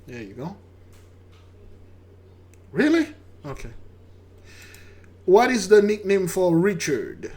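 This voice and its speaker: A man's voice: sits high, sing-song, takes it slowly, pauses often, a little mellow. An older man hosting his channel, giving rambling casual commentary on a news clip, stammering and repeating his words. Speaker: channel host.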